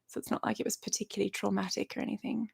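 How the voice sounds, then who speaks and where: Gravelly-voiced woman chatting. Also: mid-range voice, level tone, racing. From Australia. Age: 30s. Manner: chatty and rambling, laughs often, many fillers. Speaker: YouTuber hosting a live stream. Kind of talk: casual live stream chat, reading viewer questions. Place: at home in her bedroom.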